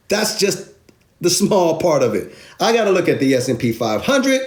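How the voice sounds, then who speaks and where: A man's voice: on the high side, brisk. A man hosting a crypto video, giving emphatic, slangy market commentary. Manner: animated, emphatic, streetwise slang.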